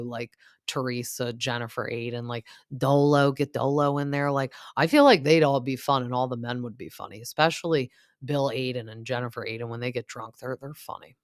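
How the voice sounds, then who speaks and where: A woman's voice: extremely low pitch, dry recording, clean studio sound. A woman hosting a casual reality TV recap, gossipy and opinionated, with plenty of fillers. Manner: chatty, lots of fillers like "like" and "um".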